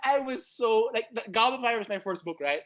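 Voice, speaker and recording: A man chatting as a podcast guest in an excitable, rambling, fannish way. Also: very high voice, brisk, muffled recording, background noise. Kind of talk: casual chat.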